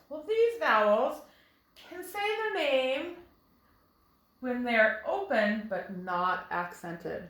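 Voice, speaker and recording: A woman teaching a phonics lesson to first graders at a whiteboard, explaining slowly and clearly with patience. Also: mid-range voice, a bit bright, reverberant, low-quality recording. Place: classroom with a whiteboard.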